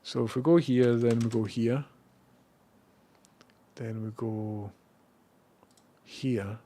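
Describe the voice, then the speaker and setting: A Scottish man chatting casually on a live stream. He rambles, swears freely and now and then bursts out loudly. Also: medium pitch, takes it slowly. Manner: rambling and profane, with bursts of loud excitement.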